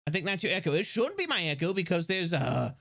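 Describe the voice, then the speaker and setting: A man streaming live, chatting excitably, swearing and rambling with restarts into a desk microphone. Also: high voice, fast, gravelly. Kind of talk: casual live-stream chat.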